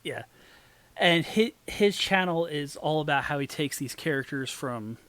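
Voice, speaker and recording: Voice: medium pitch, lively intonation, a little slow, fairly bright tone, dry recording. A co-host chatting casually about online channels, with many fillers and restarts. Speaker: podcast co-host. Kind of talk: casual chat.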